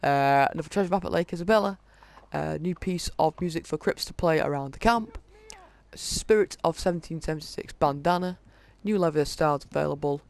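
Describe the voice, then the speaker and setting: Brief: male gaming host, slightly high voice with gravelly fry, reads item lists haltingly, casual walkthrough tone. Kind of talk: casual game walkthrough commentary.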